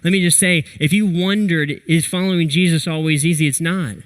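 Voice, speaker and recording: Animated storytelling man preaching. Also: fairly high pitch, brisk, poor audio. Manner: storytelling with lively animated retellings. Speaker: pastor. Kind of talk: sermon.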